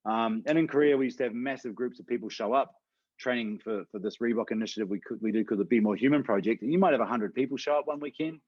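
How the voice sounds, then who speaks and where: A man talking quickly and earnestly, a coach co-hosting a podcast in relaxed conversation. His voice sits close and dry on the mic, with a slightly dull, lo-fi tone. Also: mid-range voice, husky, no room sound. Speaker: podcast co-host, fitness coach. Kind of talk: casual chat.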